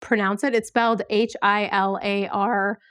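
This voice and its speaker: A woman's voice: medium pitch, level tone, moderate pace, fairly bright tone, clear, resonant tone, no echo, clean studio sound. A woman hosting a podcast, chatting casually and animatedly with lots of fillers. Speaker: podcast host. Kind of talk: casual conversational interview.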